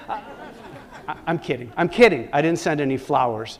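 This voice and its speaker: Expressive male conference storyteller, higher voice. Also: normal speed, long pauses. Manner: dramatic, joking storyteller who acts out conversations. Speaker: conference speaker. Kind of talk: personal storytelling talk. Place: conference stage.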